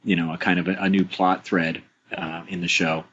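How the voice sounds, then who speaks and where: His low, slightly rough, fairly bright voice stays flat at a normal speed as this show creator discusses his work on a podcast. He rambles casually, with frequent fillers, restarts and small laughs, and the audio is dull and lo-fi.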